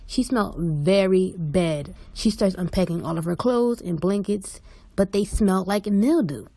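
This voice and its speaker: Young woman with a lot of vocal fry, dry close mic, just telling it flat. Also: medium pitch, a little slow, dry recording. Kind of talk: casual storytime.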